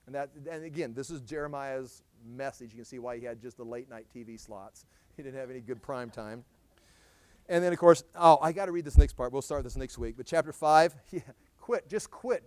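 A man teaching a Bible study as a pastor, reading scripture aloud and acting out the prophet's and God's words with sudden loud emphasis. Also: fairly high pitch, dry recording. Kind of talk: sermon.

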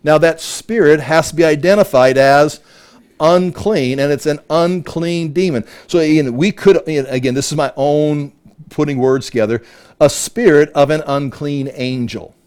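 A man's voice: a little high, measured pace, a little mellow, clean tone. A man leading a Bible study, conversational and full of rhetorical questions. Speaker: Bible teacher.

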